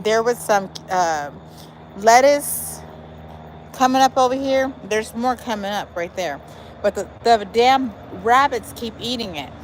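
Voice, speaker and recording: A woman's voice: medium pitch, a little hiss or hum, rough recording. A middle-aged woman chatting casually to livestream viewers while walking through her backyard garden, sassy and talkative, calling them y'all and girl. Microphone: phone held while walking.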